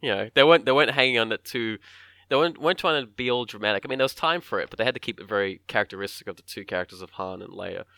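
A man casually talking through a film scene by scene, often acting out characters' lines in quick voices. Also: lowish voice, vocal fry, sharp tone, dry recording, studio quality.

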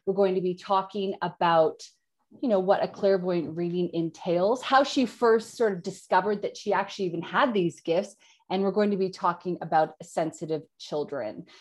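A woman's voice: lowish voice, normal speed. A woman hosting a podcast interview, upbeat and encouraging toward her guest. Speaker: podcast host.

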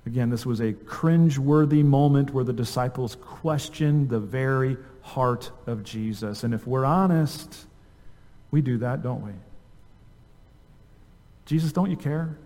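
A male pastor preaching an earnest sermon, asking rhetorical questions and dropping to a soft voice on key words. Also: medium pitch, unhurried. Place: church sanctuary. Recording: long reverb of a church hall.

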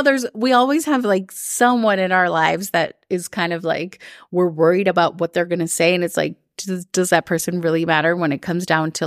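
A coach and podcast host with a slightly low voice chats loosely with her listeners in a casual live-recorded talk, sprinkling "like" everywhere and slipping into quick put-on voices for other people. She steers her audience toward what they want. The sound is dry and close, with no room around it and no echo.

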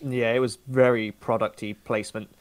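A man's voice: medium pitch, flat delivery, normal speed. A young man co-hosting a podcast, chatting casually and rambling through a film review. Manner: rambling, self-correcting, chatty. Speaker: podcast co-host.

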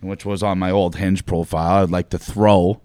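A man's voice: low-pitched, normal speed, dry recording. A man in his thirties, a podcast guest, talking casually and rambling with lots of filler words. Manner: relaxed, rambling with many fillers. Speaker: podcast guest, event producer. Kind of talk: casual conversation.

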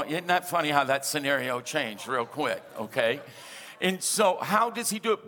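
A man preaching from the pulpit in a bright, forceful voice that sits a little high. He keeps a lively call-and-response going, asking the congregation for amens. He slips humorous asides into the sermon. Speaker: pastor.

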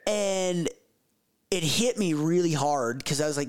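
A man in his thirties chatting casually, halting, with many restarts and repeated words. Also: on the high side, clear, resonant tone. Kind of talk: casual chat.

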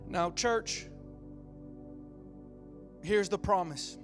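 A man's voice: high voice, lively intonation, takes it slowly, long pauses, soft background music. A man, a pastor with a young child, preaching a sermon with a passionate, repetitive cadence that builds phrase by phrase.

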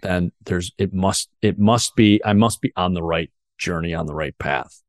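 A man's voice: low-pitched, normal speed, dry recording, studio quality. A man hosting a podcast interview, telling a personal story earnestly with frequent restarts. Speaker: podcast host.

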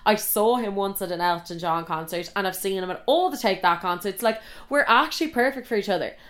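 A young adult woman with an Irish accent, hosting a podcast and telling casual stories in an animated, expressive way, swearing often and jumping into high, loud outbursts. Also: fairly quick. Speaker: podcast host. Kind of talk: casual storytelling.

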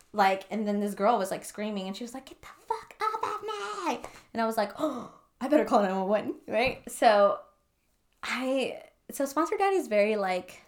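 A young woman tells a story on a podcast in a loose, casual ramble. She swears freely and talks at an ordinary pitch. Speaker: podcast co-host. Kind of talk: casual chat.

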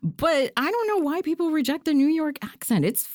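A woman co-hosting a casual movie podcast, talkative and animated, swearing freely. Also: sits high, normal speed, no echo, clean studio sound. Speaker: podcast co-host. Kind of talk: casual chat about movies.

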